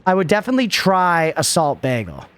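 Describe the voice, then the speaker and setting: High-pitched, animated man chatting to stream. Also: fairly quick, a little hiss or hum. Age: 30s. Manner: rambling, laughs often, swears casually. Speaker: livestreamer. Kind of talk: casual gaming commentary to chat.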